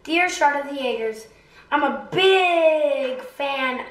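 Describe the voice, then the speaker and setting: Family vlog host mom, playful fan-mail reader, unhurried, echoey room. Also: female voice, high-pitched, expressive. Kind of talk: reading fan mail aloud. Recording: roomy home echo.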